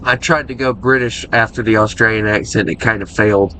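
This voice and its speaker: A chatty American man talks through a flight sim in loose gameplay commentary. His voice is bright and forceful, with a faint hum of noise behind it. He rambles and jokes as he plays. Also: lowish voice, fairly even intonation, brisk, hardly any pauses. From United States. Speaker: gaming streamer.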